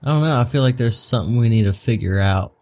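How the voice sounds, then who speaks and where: A man's voice: mid-range voice, quick pace, darkish tone. A young man playing a tabletop game, chatting in an easygoing, joking way. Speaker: player. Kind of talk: casual game chat.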